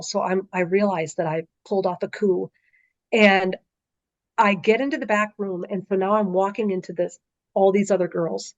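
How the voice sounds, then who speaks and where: A middle-aged woman speaks as a podcast guest, telling a story in a vivid, conversational way full of little fillers. Her voice sits at an ordinary pitch. The recording is close and dry, with a slightly dull, muffled tone. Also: no room sound. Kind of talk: recounting a dream in conversation.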